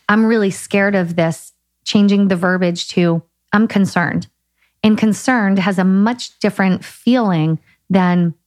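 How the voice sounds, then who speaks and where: A woman co-hosting a podcast, explaining ideas in a lively, casual way with quick runs of short sentences. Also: fairly low pitch, no room sound, clean studio sound. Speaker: podcast co-host. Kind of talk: casual chat.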